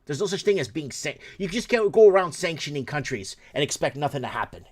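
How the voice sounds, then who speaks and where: A man hosting a talk show, ranting angrily and cursing, swinging between shouted bursts and low muttering. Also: sing-song, fast. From Portuguese heritage. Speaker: show host. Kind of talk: angry political rant.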